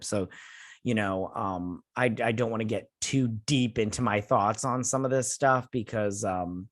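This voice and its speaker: A man's voice: mid-range voice, fairly bright tone. A man hosting a casual show review, talking in a rambling way with many restarts and filler words.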